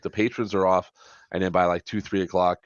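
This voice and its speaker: Low-voiced man telling a story. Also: brisk, no echo. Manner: animated storyteller, swears when annoyed. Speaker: podcast host and airsoft event organizer. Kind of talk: casual storytelling chat. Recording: dry, dull lo-fi podcast audio.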